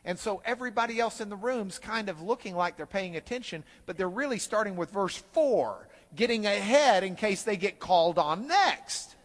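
Animated storytelling man in a reverberant hall. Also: sits high, normal speed, hardly any pauses. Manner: animated, self-deprecating storyteller. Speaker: Bible teacher. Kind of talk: storytelling lecture.

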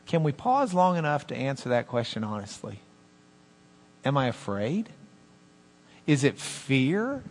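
A man preaching a sermon as pastor, animated, with swings between loud emphasis and hushed asides. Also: mid-range voice, unhurried, long pauses, long reverb tail.

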